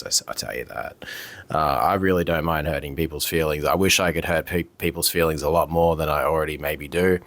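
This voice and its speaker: A man's voice: extremely low pitch, fairly bright tone, no echo. A man ranting casually to his camera, heated and profane, repeating himself with lots of fillers. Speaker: vlogger. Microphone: camera mic.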